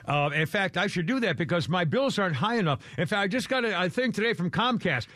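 A man's voice: high-pitched, lively intonation, quick pace, bright, forceful tone. An older man hosting a talk radio show, rambling through gossip with wry, self-deprecating humor. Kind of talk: casual talk radio chat.

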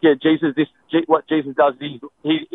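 Man, earnest, halting restarts, fast talker, fairly high voice, tinny radio sound. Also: level tone. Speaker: radio guest answering callers. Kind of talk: call-in radio talk.

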